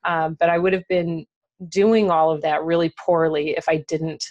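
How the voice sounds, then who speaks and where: A woman's voice: low voice, flat delivery, moderate pace, darkish tone, dull audio. A woman author and entrepreneur talking candidly in an interview, laughing often and using lots of fillers. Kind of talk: conversational interview.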